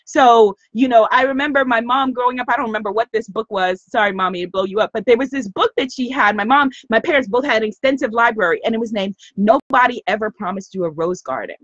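A woman hosting a motivational live stream, speaking in an animated, emphatic way and repeating phrases for stress. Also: a little high, quick pace, hardly any pauses, no room sound. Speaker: host of a live broadcast. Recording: dull lo-fi dry stream audio.

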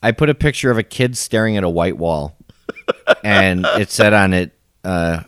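Male co-host, very low voice, lively sarcastic storyteller, dry close-miked sound. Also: moderate pace, smooth, no room sound. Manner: storytelling, sarcastic, acts out other people. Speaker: podcast co-host. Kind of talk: casual podcast banter.

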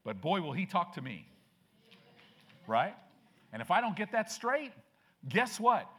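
A man's voice: high-pitched, a little slow, breathy edge. Pastor guy preaching in church, middle-aged, voice jumps all over, does little voices for people. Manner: animated preaching, voicing people in his stories. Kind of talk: sermon.

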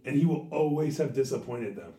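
A hoarse man with a craggy, sore throat hosts a podcast, swearing and telling stories in a casual chat. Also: medium pitch, a little fast. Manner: animated, swearing, storytelling. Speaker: podcast host and teacher. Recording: echoey room, distant mic.

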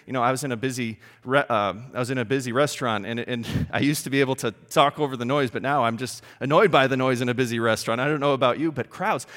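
A man preaching a sermon in an animated, emphatic way, often putting questions to his congregation. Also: medium pitch, in a large hall. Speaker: pastor.

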